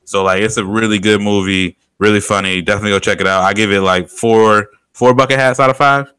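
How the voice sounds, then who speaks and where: A young man co-hosting a podcast, animated and slangy, laughing often in casual banter. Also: fairly low pitch, quick pace, smooth, dry recording. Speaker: podcast co-host.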